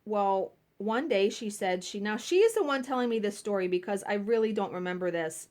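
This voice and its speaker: A woman's voice: mid-range voice, expressive, brisk, a little mellow. A woman vlogging casually while she cross stitches at home, telling stories and laughing at herself. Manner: chatty storytelling, laughing at herself.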